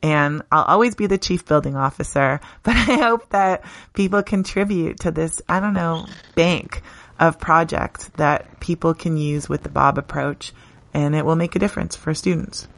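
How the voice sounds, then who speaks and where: A middle-aged woman speaks with a low voice, earnest and heartfelt, often breaking into a laugh. The sound is close and dry, with no room echo. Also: normal speed, creaky, a bit bright. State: briefly tearful. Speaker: teacher, podcast guest. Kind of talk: conversational interview.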